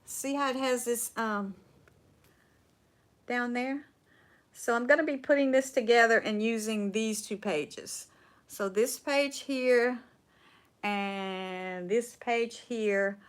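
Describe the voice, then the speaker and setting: A woman's voice: fairly high pitch, slow pace, long pauses. A woman with a Southern US accent hosting a casual furniture upcycling livestream, folksy and chatty, often trailing off and restarting her sentences.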